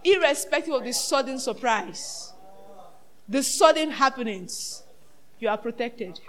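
A woman preacher with a high voice, delivering a sermon in bursts. She rises to shouts and falls to near-whispers, and often asks the congregation questions. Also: lively intonation, a little slow. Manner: dramatic, swinging between shouted peaks and hushed asides.

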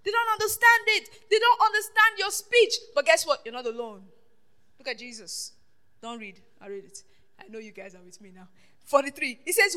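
A woman preaching a sermon, questioning her congregation and swinging between loud declarations and hushed asides. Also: high voice, animated, normal speed. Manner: call-and-response questioning the congregation.

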